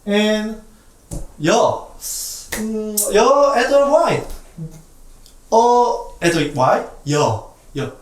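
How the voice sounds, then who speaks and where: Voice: medium pitch, sing-song, very slow, long pauses. A Korean language teacher giving a playful beginner lesson, drilling sounds through repetition and jokey comparisons. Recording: roomy, distant mic, faint music behind.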